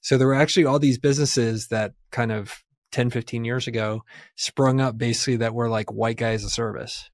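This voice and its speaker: A man speaks as a guest on a podcast, telling stories with enthusiasm. He chuckles mid-sentence, and his mid-pitched voice is recorded dry and close. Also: fairly even intonation, a little fast, no room sound. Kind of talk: casual chat.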